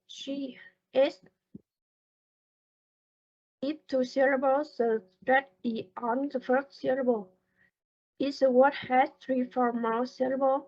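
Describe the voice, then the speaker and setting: A woman with a high voice reads a class presentation on word stress. She goes slowly and carefully, halting between phrases. The recording sounds dull and lo-fi. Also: a little mellow, husky. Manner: slow, careful reading with halting pauses. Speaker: student presenter.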